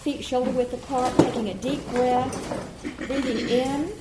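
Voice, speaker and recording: A woman's voice: high voice, steady tone, a little slow, very noisy. Woman choir teacher in an echoey room. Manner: demonstrates warm-ups, sings vowels. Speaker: children's choir director. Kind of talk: teacher workshop demonstration. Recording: echoey room with faint ambience.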